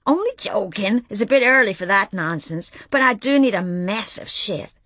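A loud, crude newspaper veteran , as a woman narrator puts her on, who stretches out her teasing lines in a raised, brassy voice. The reading is close and dry, with nothing behind it. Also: mid-range voice, expressive, normal speed, no room sound. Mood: brash. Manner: brash, teasing, drawn out. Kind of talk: audiobook reading.

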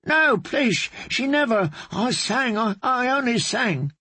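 A man voicing a terrified young male singer who pleads in a high, breaking voice. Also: big pitch swings, slow pace, pushed and bright, slightly rough, dry recording, heavily acted. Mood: pleading. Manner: high, breaking, sobbing pleas.

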